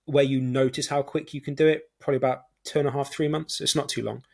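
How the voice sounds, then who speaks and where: A man's voice: medium pitch, level tone, quick pace, creaky, darkish tone. British guy on a podcast, chatty, laughs a lot, keen to explain stuff. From United Kingdom. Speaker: podcast host. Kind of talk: casual chat.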